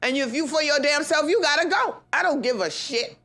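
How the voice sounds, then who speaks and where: A young adult woman hosts a podcast and launches into a heated, profane rant. Her pitch sits a bit high and leaps all over the place. She swings between loud outbursts and low grumbles and laughs through her words. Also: expressive, a little fast. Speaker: podcast host. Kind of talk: ranting monologue.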